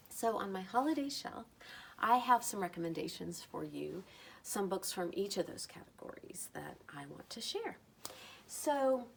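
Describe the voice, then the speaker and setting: A middle-aged woman talking casually about books she loves, gentle and enthusiastic, lingering over her words. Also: lowish voice, slight background noise. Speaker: book vlogger. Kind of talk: casual recommendation talk.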